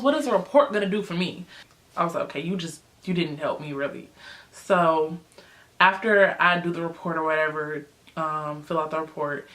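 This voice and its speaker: A young woman vlogger telling a story in a casual, chatty way, with lots of fillers, jumping high in pitch when she acts out what people said. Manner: animated, acts out quotes with big pitch jumps.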